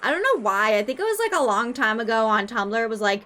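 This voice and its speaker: A woman's voice: medium pitch, lively intonation, quick pace, hardly any pauses, a bit bright. A young woman streamer chatting casually, playful and crude, swearing a lot. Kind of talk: casual live-stream chat.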